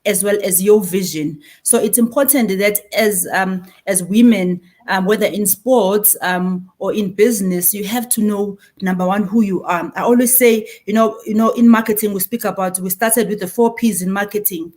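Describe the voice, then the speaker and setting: A South African woman in her forties with a Zulu-inflected accent, a marketing speaker giving an animated conference panel talk and mixing in Zulu phrases. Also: mid-range voice, moderate pace, hardly any pauses.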